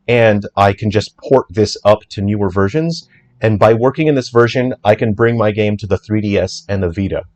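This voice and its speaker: Chatty, lower-voiced male game developer. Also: a little mellow. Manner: chatty and joking, with quick asides. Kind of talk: casual livestream coding walkthrough.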